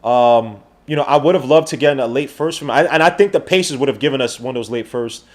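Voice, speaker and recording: A man hosting a podcast in casual chat, slangy and rambling, swinging from loud outbursts to low mutters. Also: quick pace. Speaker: podcast host. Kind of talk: casual live-stream chat.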